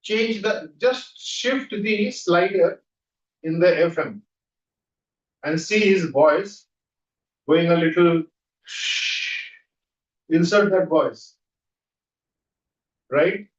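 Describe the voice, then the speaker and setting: A man leading a guided visualization exercise as a trainer, coaching with quick repeated questions. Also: high-pitched. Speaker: NLP trainer. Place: training room. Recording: dull echoey room audio from far off.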